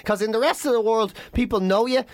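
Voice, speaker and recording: A man's voice: sits high, brisk, no room sound, studio quality. An Irish man in his thirties, a comedian telling rambling, sweary stories in casual chat. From Ireland.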